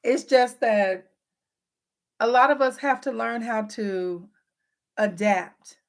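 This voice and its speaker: A woman's voice: fairly high pitch, slow. A woman talking straight to her viewers in a casual advice vlog, frank and teasing, acting out both sides of everyday arguments. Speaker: relationship advice vlogger.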